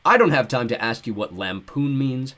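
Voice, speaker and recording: Man doing a booming blunt chubby man, brash, careless, smug. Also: big pitch swings, normal speed. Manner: loud, blunt, dismissive.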